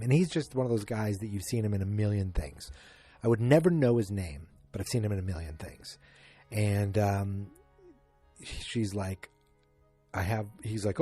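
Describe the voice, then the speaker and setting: A man's voice: lowish voice, normal speed, mellow, breathy edge, faint music behind. A man hosting a solo podcast, rambling through a casual recap with many fillers. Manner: rambling, filler-heavy retelling. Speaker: podcast host. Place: home, alone.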